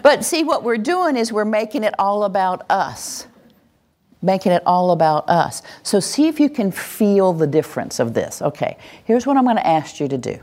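A woman's voice: medium pitch, moderate pace. A woman presenter giving an interactive teaching talk to a live group in a room, acting out cheering voices as she talks. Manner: animated, acts out cheering voices. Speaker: workshop presenter.

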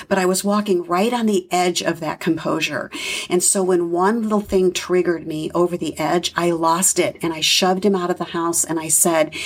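Middle-aged female guest, husky low voice, earnest reflective storyteller. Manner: earnest, reflective, with frequent fillers. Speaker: guest, foster parent. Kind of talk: conversational interview storytelling.

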